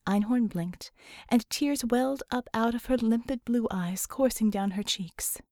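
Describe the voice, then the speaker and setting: A woman reading an audiobook, with expressive, measured storytelling narration. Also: fairly high pitch, dry recording, clean studio sound. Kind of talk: scripted narration.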